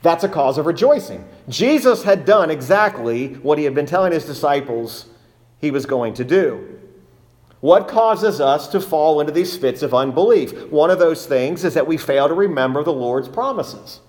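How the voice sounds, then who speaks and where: A man's voice: a little high, expressive, normal speed, darkish tone. A man preaching a sermon as pastor, emphatic, repeating key phrases and asking rhetorical questions.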